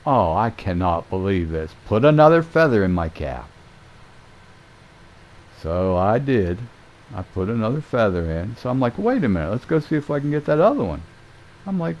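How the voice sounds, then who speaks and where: Guy ranting about his gaming night, cusses a lot, voice swings up and down all over. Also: on the low side. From Southern United States. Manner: animated, swears freely, acts out quoted exchanges. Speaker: gaming streamer. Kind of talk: rambling storytelling rant.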